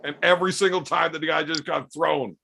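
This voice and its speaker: A man spins rough, profane stories in a relaxed podcast chat. His voice sits a little high and has a gravelly fry, and he slips into the voices of the people he describes. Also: fairly quick, slight background noise. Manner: animated, acts out quoted voices. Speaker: podcast storyteller. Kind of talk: casual profane storytelling.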